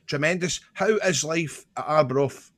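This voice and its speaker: A Scottish podcast host banters with his guest, teasing and joking in casual chat. His voice sits a little higher than most men's. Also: measured pace, fairly bright tone. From Scotland.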